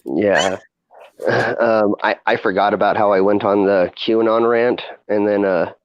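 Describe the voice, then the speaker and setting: A man's voice: on the low side, fairly even intonation, a little slow, muffled recording. A man hosting a casual chat, rambling with many fillers and frequent laughs. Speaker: podcast host and streamer.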